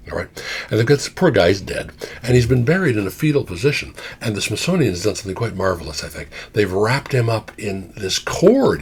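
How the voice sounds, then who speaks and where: Low husky guy lecturing, wry and animated, voice jumps all over. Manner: animated, wry asides, checks in with "okay?". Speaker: psychology lecturer. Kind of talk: informal lecture.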